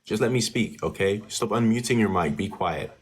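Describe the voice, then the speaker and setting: A man's voice: fairly low pitch, moderate pace, husky. Condescending man hosting a live debate. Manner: condescending, mocking, repeats himself. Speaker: TikTok live debate host. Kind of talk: heated live-stream debate.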